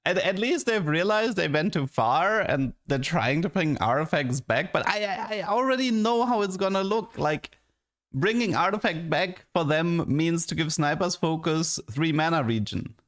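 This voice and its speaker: A man's voice: on the high side, lively intonation, normal speed, a bit bright. A man streaming games and ranting in a casual, exasperated way, full of restarts and "like". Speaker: game streamer. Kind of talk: casual livestream commentary.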